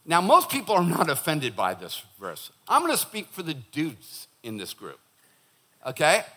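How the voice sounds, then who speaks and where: Guy preaching a sermon, super animated, pitch jumps all over, cracks jokes. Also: normal speed. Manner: animated and joking, acts out quoted voices. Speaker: pastor. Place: church.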